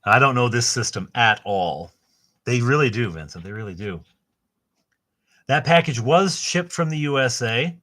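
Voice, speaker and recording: A middle-aged man hosting a casual book unboxing, rambling and enthusiastic, with a halting way of talking. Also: medium pitch, animated, pushed and bright. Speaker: host.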